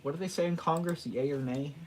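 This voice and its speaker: A man's voice: fairly high pitch, quick pace, slight background noise, poor audio. A man hosting a casual livestream, rambling and joking at his own expense, laughing and restarting often. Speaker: livestream host.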